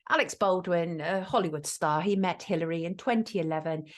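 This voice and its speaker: A woman's voice: fairly low pitch, a little fast. A woman with a British accent hosting a show, delivering a blunt, scornful commentary monologue in a chatty way. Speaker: show host.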